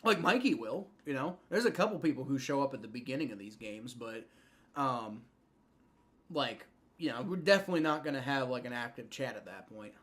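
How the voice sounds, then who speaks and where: A young man hosting a live fan stream, giving rambling play-by-play and reaction with many fillers and restarts, getting excited on big plays. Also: mid-range voice, fairly quick. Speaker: livestream host.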